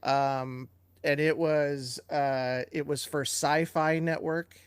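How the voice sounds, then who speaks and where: Chatty man with a higher voice. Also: fairly even intonation, takes it slowly, clear, resonant tone, no echo. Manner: chatty anecdotes with filler and restarts. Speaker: co-host and TV producer. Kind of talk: casual live Q&A storytelling.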